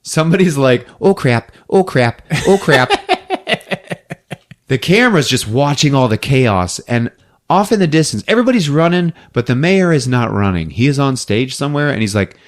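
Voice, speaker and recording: A man's voice: medium pitch, lively intonation, moderate pace. A man hosting a podcast, recapping a film in casual chat, laughing often and acting out the characters. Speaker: podcast host.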